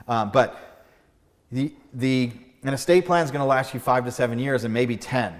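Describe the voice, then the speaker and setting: A man hosting a podcast as an estate planning lawyer, chatting casually with lively storytelling and frequent restarts. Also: moderate pace. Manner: animated storytelling, acts out doctor skits with big pitch jumps; fillers and restarts, laughs at own jokes. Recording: room with long reverb.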